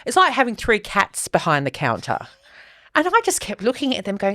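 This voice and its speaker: A woman in her forties, co-hosting a podcast and telling animated stories with dry humour in casual chat. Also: a little high, fairly quick, dry recording. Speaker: podcast co-host.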